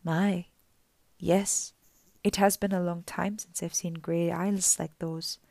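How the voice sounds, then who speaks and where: A woman's voice: on the low side, flat delivery, creaky, a little mellow, no room sound, exaggerated voice. A woman reading a sweetly sinister old lady. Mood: whispery. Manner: slow, soothing and sad. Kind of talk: audiobook character reading.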